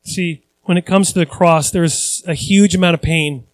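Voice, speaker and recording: High-voiced earnest male pastor. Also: steady tone, moderate pace, no echo. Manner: earnest, repeats phrases for emphasis. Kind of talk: conversational sermon.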